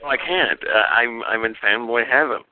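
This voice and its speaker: A man's voice: mid-range voice, a little hiss or hum. A man co-hosting a podcast, talking casually with many restarts and repeated words. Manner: halting, stumbles and repeats words. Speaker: podcast co-host. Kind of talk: casual chat. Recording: dry tinny phone line.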